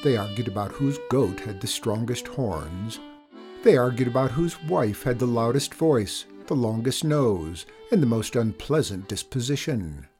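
A man narrating a children's storybook in a measured, expressive reading. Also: mid-range voice, soft background music.

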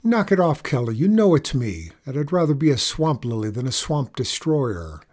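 A man's voice: medium pitch, lively intonation, normal speed, lightly acted. A man voicing an indignant, snappy middle-school girl who loves nature. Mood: defiant.

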